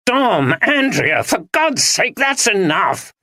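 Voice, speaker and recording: A man's voice: high voice, lively intonation, a little slow, bright, forceful tone, no echo, clean studio sound, voice pushed up, exaggerated voice. A man reading an audiobook, voicing a take-charge man giving urgent orders in a crisis. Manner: urgent, commanding.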